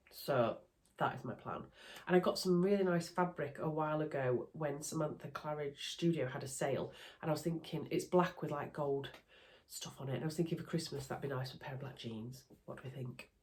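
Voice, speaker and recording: A woman's voice: deep voice, slight background noise. Woman, Yorkshire accent, nasal from a cold, chatty, rambling, phone-recorded vlog. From Yorkshire, England. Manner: chatty, self-deprecating, rambling. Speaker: sewing vlogger. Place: bedroom at night under a ring light. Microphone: phone camera.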